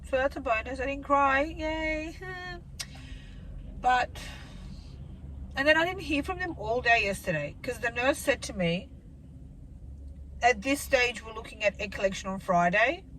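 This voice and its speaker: A woman's voice: a little high, expressive, normal speed, long pauses, a bit bright, slight background noise, rough recording. A woman in her thirties telling a rambling, emotional story straight to camera in a casual vlog update. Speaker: vlogger.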